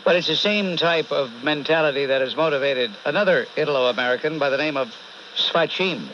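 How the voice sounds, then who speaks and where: A man's voice: on the high side, fast talker, a bit bright. A man hosting a call-in radio show, blunt and sarcastic, berating and cutting off callers, with a New York accent. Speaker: talk radio host. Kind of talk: combative call-in radio talk. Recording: dull AM radio broadcast with faint hiss.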